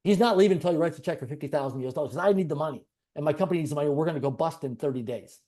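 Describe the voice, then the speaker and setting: A very fast-talking man with a rather high pitch and a dark tone is being interviewed. Earnest in manner, he recounts something personal using repetitive, heaped-up wording.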